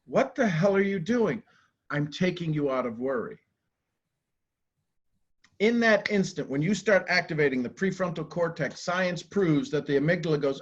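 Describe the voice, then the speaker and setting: A man giving a live talk to a group, animated and casual, acting out quoted voices and swearing now and then. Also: on the high side, normal speed, lo-fi sound. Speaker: motivational speaker.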